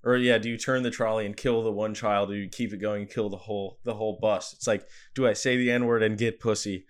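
A man's voice: fairly low pitch, steady tone, brisk, smooth. A young man co-hosting a podcast, reacting with profane jokes and frequent laughter in casual chat. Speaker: podcast co-host.

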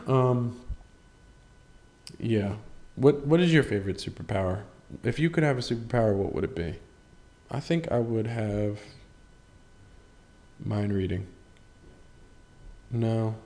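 A man's voice: mid-range voice, slow pace, pauses often, darkish tone. A young man hosting a solo podcast, rambling through an awkward story with casual swearing and self-deprecating asides. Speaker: podcast host.

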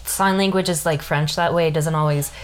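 A young woman co-hosting a casual podcast, relaxed, laughing often and swearing casually. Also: low-pitched, brisk. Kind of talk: casual chat.

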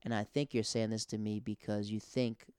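A man's voice: fairly low pitch, flat delivery, moderate pace, a little mellow, clear, resonant tone, no room sound. A young man hosting a podcast, a stand-up comic telling stories in a rambling, conversational way. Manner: rambling, conversational, filler-heavy. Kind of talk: casual monologue.

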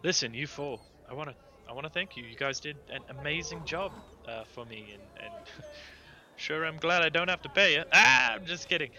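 A man's voice: fairly high pitch, very animated, normal speed, pitched above the performer's own voice, full character voice. A man voicing a brash, bossy female ship captain who jokes with her crew. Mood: brusque, jovial. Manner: loud, bossy, joking.

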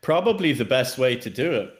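An Irish man co-hosting a podcast, chatting in an animated, jokey way and laughing often. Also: mid-range voice, fairly quick. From Ireland. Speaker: podcast co-host. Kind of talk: casual podcast chat.

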